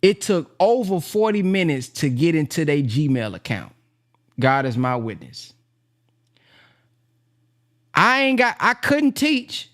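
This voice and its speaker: A man who is a minister and business teacher gives a casual, heartfelt talk in a plain-spoken, animated way. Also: a little high, slow, long pauses. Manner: animated, plain-spoken, acts out quoted voices.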